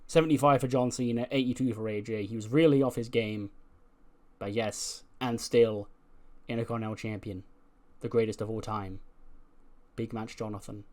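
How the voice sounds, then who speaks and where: A man's voice: on the low side, steady tone, normal speed, a little mellow. Chatty man narrating a game. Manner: chatty, filler-heavy, laughs at own jokes. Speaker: let's play narrator. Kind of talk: casual game playthrough narration.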